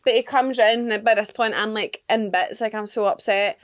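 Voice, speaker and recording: A woman's voice: mid-range voice, steady tone, normal speed. A young woman, co-hosting a podcast and telling a story in casual chat, laughing often. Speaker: podcast co-host.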